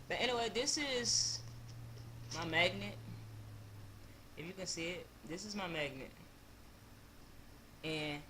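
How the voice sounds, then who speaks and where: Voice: mid-range voice, background noise. A young adult of about twenty from Louisiana, with a Louisiana accent, telling a loose, slangy storytime vlog. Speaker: vlogger.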